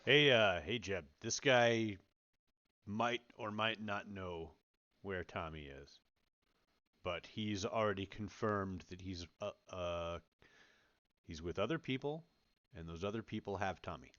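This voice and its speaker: A man's voice: on the low side, measured pace, pushed and bright, no echo. A man playing a tabletop role-playing game online, talking in an easygoing, slightly apologetic way. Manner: laid-back, apologetic, laughs easily. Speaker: player. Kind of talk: tabletop role-play, casual. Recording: dull dry online mic.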